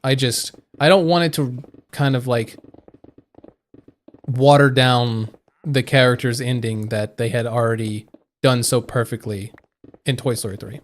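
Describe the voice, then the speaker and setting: A man's voice: mid-range voice, fairly even intonation, a little slow, long pauses. A young man streaming live, chatting casually and rambling with lots of fillers and restarts. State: hiccuping.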